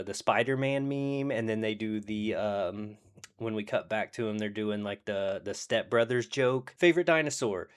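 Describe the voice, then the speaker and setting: Reviewer, male, lowish voice, loose and profane, sarcastic episode recap with lots of fillers. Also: smooth. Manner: rambling, profane, sarcastic, with many fillers and restarts. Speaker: TV show reviewer.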